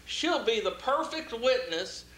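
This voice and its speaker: A man plays a scheming, commanding lawyer with a very high, bright voice. He speaks calmly and takes charge. The recording is roomy with faint hiss. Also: unhurried, exaggerated voice. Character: scheming smooth-talking male lawyer. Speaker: community theater actor. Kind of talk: stage play acting.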